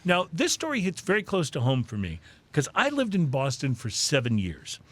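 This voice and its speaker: Animated man hosting a drinking podcast. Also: a little high, moderate pace. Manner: animated, deadpan joking delivery. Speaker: podcast host. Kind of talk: reading drinking news on a podcast.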